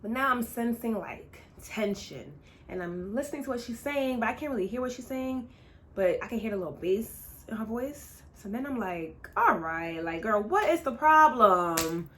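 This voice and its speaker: A woman's voice: on the high side, a little hiss or hum. A young adult woman vlogger telling a casual story to her viewers, chatty and dramatic, speeding up and drawing out words as she goes. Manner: animated, chatty, talks straight to viewers; dramatic retelling, swings between fast and drawn-out.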